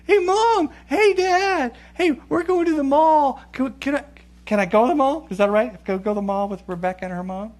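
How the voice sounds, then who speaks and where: A man voicing an eager young teenage daughter who pleads in high, excited squeals. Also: normal speed, few pauses. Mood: eager pleading.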